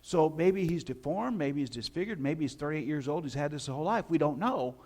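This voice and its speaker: A man's voice: fairly high pitch, animated, brisk, a little mellow. A male pastor giving a sermon in a conversational, folksy way, often asking the listeners questions.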